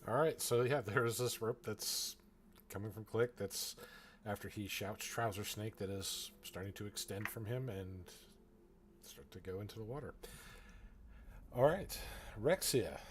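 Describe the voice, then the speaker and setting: A man running a tabletop game as game master, narrating with many pauses and fillers. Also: on the low side, a little hiss or hum.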